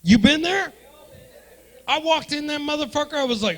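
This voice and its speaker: A man doing profane stand-up comedy in a club, riffing loudly with the crowd. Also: very high-pitched, lively intonation, normal speed. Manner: loud, profane, riffing with the audience. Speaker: stand-up comedian hosting the night.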